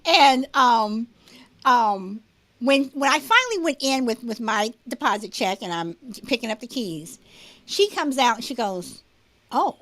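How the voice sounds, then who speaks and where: A woman co-hosting a podcast in casual, animated chat, often repeating words as she talks over others. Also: on the high side, measured pace. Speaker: podcast co-host.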